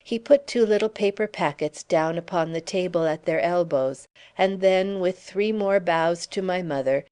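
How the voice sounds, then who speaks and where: A woman reading a classic story aloud as an audiobook narrator, in a steady storytelling manner. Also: on the low side, moderate pace, clear, resonant tone. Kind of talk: scripted narration.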